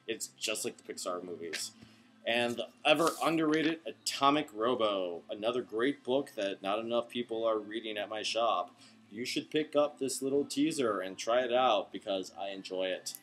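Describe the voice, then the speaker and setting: A man's voice: fairly low pitch, normal speed, fairly bright tone, soft background music. A man who runs a comic shop, reviewing comics in a chatty, rambling way late at night, tired but enthusiastic. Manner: chatty, enthusiastic, goes off on tangents.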